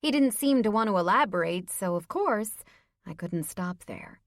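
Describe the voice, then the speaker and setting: Woman, audiobook narrator, first-person romance, expressive, mid-pitched, dry close mic. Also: moderate pace, dry recording.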